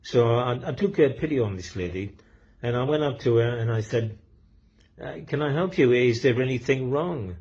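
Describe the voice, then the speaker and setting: Speaking at a normal speed with an animated, medium-pitched voice that's a little mellow and slightly rough, a comedian and poet shares funny anecdotes and a short poem. He rambles, dropping plenty of ums and uhs, and the recording is dull and lo-fi.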